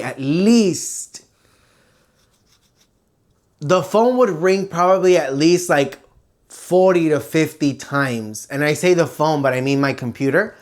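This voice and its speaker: Young adult bilingual vlogger, casual, animated storyteller. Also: mid-range voice. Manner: animated and expressive, imitates ringing sounds. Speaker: vlogger host. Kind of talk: casual storytelling chat switching between Spanish and English.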